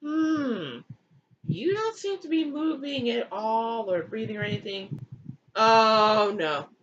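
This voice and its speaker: A woman's voice: a little high, lively intonation, takes it slowly, muffled recording, slight background noise. A woman voicing the goddess Isis as a sarcastic, exasperated young mother in a comic myth retelling. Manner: sarcastic, flip modern slang.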